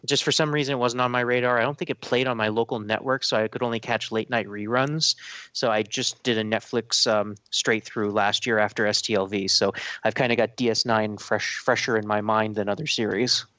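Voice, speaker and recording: A man's voice: lowish voice, steady tone, fairly quick, sharp tone, no echo. A man with an Irish accent hosting a casual podcast chat, talkative and self-deprecating. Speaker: podcast host.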